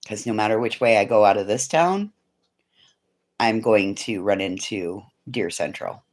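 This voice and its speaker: A woman's voice: a bass voice, a little slow, darkish tone. A woman chatting casually and frankly with live viewers from her home, swearing freely as she rambles. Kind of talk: casual livestream chat. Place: at home indoors, living room.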